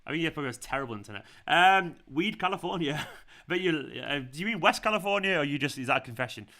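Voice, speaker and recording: A man chatting casually while hosting a football watchalong live stream, excitable and quick to swear. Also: fairly high pitch.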